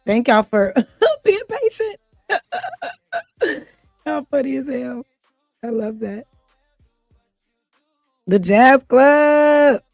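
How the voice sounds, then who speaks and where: A woman's voice: sits high, very animated, takes it slowly, creaky, long pauses, a little mellow, no room sound, soft background music. A woman hosting a casual livestream, chatty and flustered, often laughing as she talks to her audience. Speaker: livestream host. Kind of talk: casual chat to a live audience.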